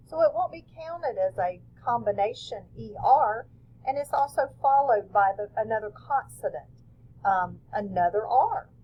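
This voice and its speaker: Woman, teacher, patient step-by-step phonics lesson, breathy, slightly high voice. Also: darkish tone, poor audio. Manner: patient, step-by-step explaining to children.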